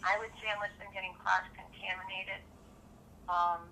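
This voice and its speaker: Middle-aged woman, hoarse, chatty caller, rambling, restarts, phone line, faint noise. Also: medium pitch, level tone, moderate pace, pushed and bright. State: hoarse from lack of sleep. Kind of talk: phone call chat.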